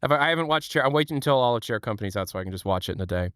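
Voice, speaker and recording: A man's voice: mid-range voice, animated, a bit bright, smooth, no echo, clean studio sound. Rambling, joking male streamer. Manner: rambling, joking, quick asides. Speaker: livestream host. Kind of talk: casual chat with chat viewers.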